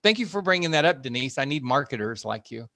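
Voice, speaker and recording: A man's voice: mid-range voice, big pitch swings, fast, creaky, sharp tone, no echo, studio quality. Chatty older man teaching online. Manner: chatty and encouraging, with many fillers. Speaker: fitness instructor. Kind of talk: online class wrap-up talk. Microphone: video call.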